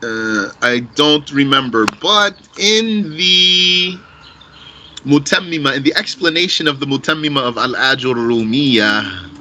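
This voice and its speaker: A man's voice: mid-range voice, a little slow, pushed and bright, slight background noise, poor audio. A man teaching an Arabic grammar class, thinking aloud as he answers questions and mixing in Arabic phrases. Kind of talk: live online class answering student questions.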